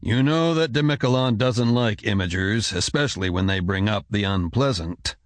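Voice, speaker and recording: A man's voice: on the low side, animated, moderate pace, dry recording, close to an everyday voice. A man voicing a stern, demanding ruler who speaks curtly and coldly. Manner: curt, commanding.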